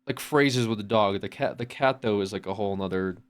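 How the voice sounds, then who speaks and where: A man's voice: fairly low pitch, fairly quick. A man streaming from home, chatting casually in a rambling way with lots of restarts and swearing. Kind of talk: casual chat.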